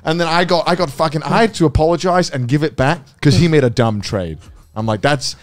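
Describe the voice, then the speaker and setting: A man's voice: a little fast, no room sound. A man co-hosting a podcast, telling a story in casual chat, swearing freely and acting out his younger self. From United Kingdom. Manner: animated, mocks his younger self in high-pitched quoted voices, swears freely. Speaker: podcast co-host.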